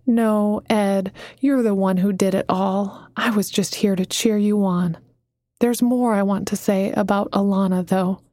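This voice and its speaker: A woman voicing a warm, upbeat mentor woman who calls people honey, in an audiobook. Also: medium pitch, steady tone, measured pace, dry recording, clean studio sound, close to an everyday voice. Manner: cheerful, calls others honey.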